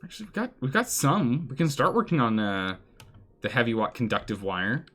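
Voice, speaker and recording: A man giving live commentary on a colony game, animated and exclaiming, pleading with his characters. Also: medium pitch, brisk. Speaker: streamer playing a colony game.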